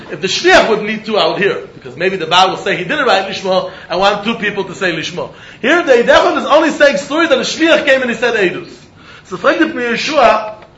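A man teaching a Talmud lesson, animated, often repeating words as he thinks and breaking into laughs. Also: high voice. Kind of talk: Talmud study lecture. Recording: roomy, muffled recording with faint background noise.

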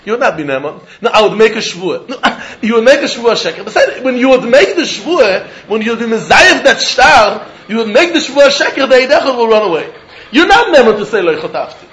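A man teaching a Talmud lesson in an animated, sing-song study cadence, often laughing as he argues. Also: very high voice.

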